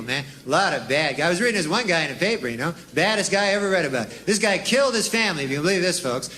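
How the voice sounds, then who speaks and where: A man doing a deadpan, rambling stand-up routine full of folksy asides. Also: on the high side. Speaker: stand-up comedian. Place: comedy club stage with laughing audience. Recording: live club recording with crowd and noise.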